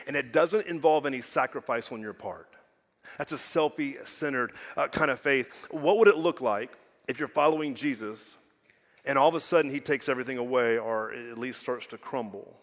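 A middle-aged man preaching in a church sanctuary, talking to the congregation in a relaxed, conversational way. He poses rhetorical questions and moves between hushed, quiet stretches and louder, emphatic lines. His voice carries a long hall reverb. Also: mid-range voice, a little fast. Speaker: pastor. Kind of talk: sermon.

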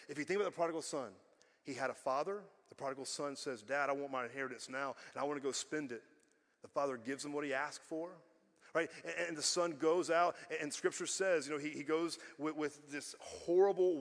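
Emphatic preaching man in a reverberant hall. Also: a little high. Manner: emphatic, repetitive preaching, swings from loud to hushed. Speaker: pastor. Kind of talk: sermon. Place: church sanctuary.

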